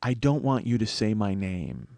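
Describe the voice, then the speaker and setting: His voice is fairly low, creaky and darkish, with big pitch swings at a moderate pace and no echo. A podcast host in his 40s, he rambles through a self-deprecating funny story, cursing freely and going higher when he mimics his own panic.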